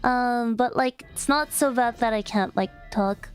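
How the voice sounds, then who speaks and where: A young woman streaming a casual chat, hoarse and raspy from losing her voice, talking in a bubbly, rambling way. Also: a little high, a little slow, faint music behind. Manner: bubbly, chatty, rambling with frequent laughs. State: hoarse, voice partly gone. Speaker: VTuber streamer.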